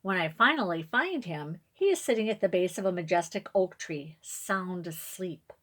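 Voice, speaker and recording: A woman reading a picture book aloud to viewers on camera, gently, pausing for asides to her audience. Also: lowish voice, lively intonation.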